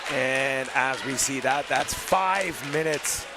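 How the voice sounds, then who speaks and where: Hoarse man calling a lacrosse game. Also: medium pitch, over a noisy crowd. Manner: fast, excited calls on goals. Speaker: play-by-play commentator. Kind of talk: live sports commentary. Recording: noisy arena broadcast.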